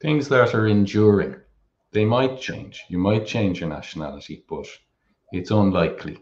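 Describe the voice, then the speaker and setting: An Irish man with a very low voice works through grammar examples in a calm, measured way. The recording sounds a little dull and muffled. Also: reverberant. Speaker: Irish language teacher. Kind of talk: explaining grammar in a relaxed two-person lesson.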